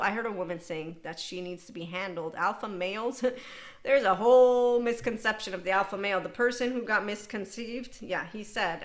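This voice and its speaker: In her podcast, a middle-aged woman talks at a normal speed in a mid-range voice, riffing in a lively, unscripted monologue. Frequent laughter and imitated voices for quotes color her delivery.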